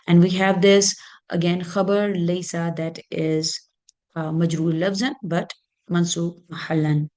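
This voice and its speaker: A woman teaching an Arabic grammar lesson, explaining slowly and patiently with many fillers. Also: fairly low pitch, a little mellow.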